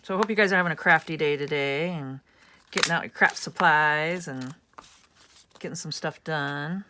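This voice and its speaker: A woman's voice: low-pitched, normal speed, pushed and bright, a little hiss or hum. A woman hosting a casual craft tutorial, chatting and thinking aloud as she works at home. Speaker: craft channel host.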